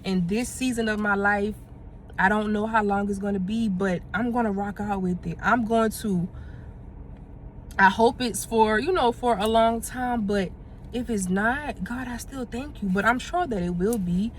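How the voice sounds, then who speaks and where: A woman's voice: mid-range voice, measured pace, a little hiss or hum. A woman, vlogging casually while running errands, chatty and heartfelt. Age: 20s. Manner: chatty and heartfelt, drifts into sung lines and praise. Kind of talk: casual vlog chat to camera. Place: out and about running errands, in a car and stores.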